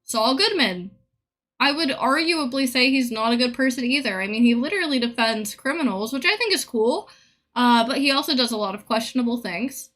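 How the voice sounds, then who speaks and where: A woman's voice: fairly high pitch, animated, brisk, fairly bright tone. A woman streamer in a casual live-stream rant, blunt, profane and opinionated.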